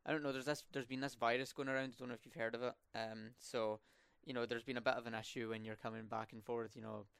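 A man's voice: medium pitch, little pitch movement, quick pace, vocal fry, a bit bright, smooth, no room sound, studio quality. A young man from Scotland with a Scottish accent and rolled R's, chatting casually as a student podcast host, with many fillers and restarts. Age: young adult. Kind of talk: casual interview chat.

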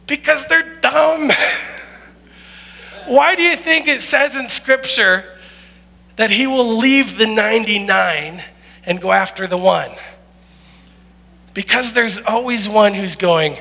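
A man preaching with a high, bright and forceful voice, telling funny stories and laughing along with them. The sermon carries through a large room with a long reverb. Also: slow pace, creaky, pauses often. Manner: animated, humorous storytelling with frequent laughs. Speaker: pastor.

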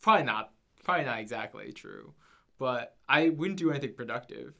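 A young man with a gravelly edge to his mid-pitched voice. He co-hosts a casual podcast chat. He thinks aloud with many fillers and restarts, and he keeps checking in with "right?". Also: lively intonation, fairly quick, bright, forceful tone. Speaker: podcast co-host. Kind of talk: casual conversation.

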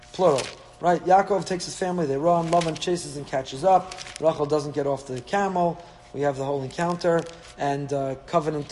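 A man's voice: on the high side, a little mellow. A man teaching a Torah class, asking rhetorical questions and dropping dry asides. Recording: echoey hall with faint hum.

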